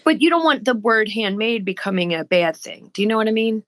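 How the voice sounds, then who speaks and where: Animated woman telling stories, dry sound. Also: mid-range voice, brisk, dry recording. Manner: animated storyteller who acts out quoted people. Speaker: podcast co-host. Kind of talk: casual chat.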